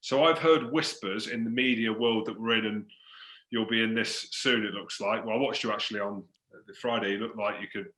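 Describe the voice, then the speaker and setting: A man from Scotland hosting a casual interview, joking and teasing his guest with lively banter. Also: fairly low pitch, fairly quick, reverberant. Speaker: host.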